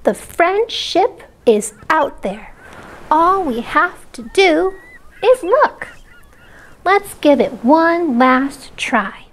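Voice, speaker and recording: Spoken by a woman, an earnest little girl hedgehog from a storybook, searching for friends. Her voice sits high and lilts up and down in lively swoops. She speaks slowly and eagerly. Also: full character voice. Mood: determined.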